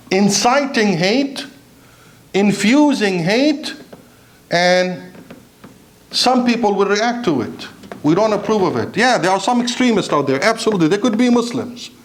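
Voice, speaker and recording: A man's voice: sits high, very animated, measured pace, pauses often. A man preaching a Friday sermon in a mosque, impassioned, asking rhetorical questions and mixing in Arabic recitation.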